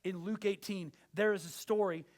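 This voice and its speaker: A man's voice: high voice, steady tone, moderate pace, a little mellow. A man preaching a sermon as pastor, exhorting his listeners directly and with emphasis.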